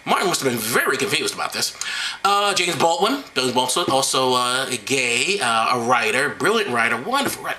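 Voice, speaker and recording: A man's voice: on the high side, very animated, brisk, sharp tone, slight background noise, rough recording. A man hosting a video, delivering a satirical, mock-serious monologue in a sarcastic way and often breaking into laughter. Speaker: video host.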